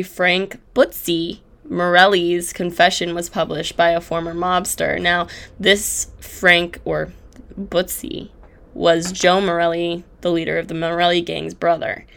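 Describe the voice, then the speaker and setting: A woman's voice: on the low side, fairly even intonation, normal speed, gravelly, a bit bright. A woman hosting a podcast, retelling a historical case in a casual, chatty way with irreverent asides. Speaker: podcast host. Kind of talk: casual true-crime storytelling.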